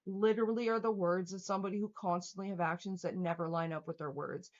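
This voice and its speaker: A woman's voice: lowish voice, steady tone, fast talker. Young woman streamer going off at chat, swearing a ton, sarcastic, kinda dull lo-fi audio. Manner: profane, heated, sarcastic. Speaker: livestreamer. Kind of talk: angry livestream rant reading chat.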